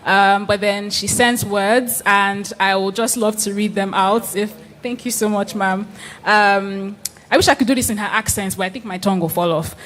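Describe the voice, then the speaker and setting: A woman's voice: medium pitch, fairly even intonation, normal speed, a bit bright, a little hiss or hum. A woman accepting an award on someone's behalf, chatty and self-deprecating, reading a message aloud with fillers.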